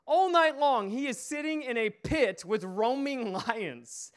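A man's voice: very high-pitched, animated, takes it slowly, fairly bright tone. A man preaching a sermon, retelling a story emphatically with repeated phrases.

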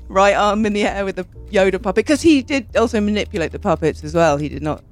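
A woman's voice: mid-range voice, sing-song, fairly quick, faint music behind. A woman with an English accent telling an improvised comic story, wry and self-deprecating, giggling as she goes. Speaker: comedy podcast guest.

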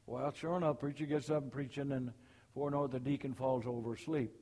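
A man's voice: mid-range voice, fairly even intonation, fast talker, mellow, in a large hall. An older man from Alabama, a preacher giving a folksy sermon full of jokes at a church meeting. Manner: folksy, storytelling.

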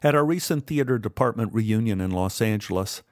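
A man in his sixties narrating his memoir in a wry, measured storytelling manner. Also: fairly low pitch, animated, a little mellow, no echo, clean studio sound.

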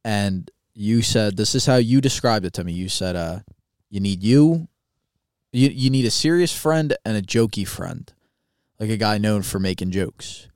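A young man telling a school prank story on a podcast, blunt and profane with a deadpan delivery. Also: lowish voice, unhurried, clean tone, dry recording, clean studio sound. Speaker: podcast co-host. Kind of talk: casual storytelling chat.

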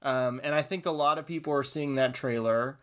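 A man's voice: medium pitch, brisk. A man co-hosting a film podcast, describing a movie in a loose, rambling way with lots of fillers. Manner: rambling, many ums, descriptive. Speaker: podcast co-host. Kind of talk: casual chat.

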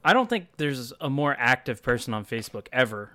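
A man's voice: mid-range voice, big pitch swings, a little fast, pushed and bright, dry recording. A man chatting casually on a podcast, swearing often and mocking himself. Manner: profane, self-mocking banter.

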